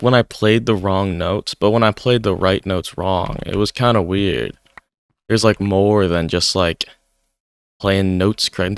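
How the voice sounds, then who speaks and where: A man's voice: sits low, smooth, no room sound. A young man chatting casually over gameplay, rambling with lots of "like". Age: young adult. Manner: rambling, heavy use of "like". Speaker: gaming YouTuber. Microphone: desk microphone.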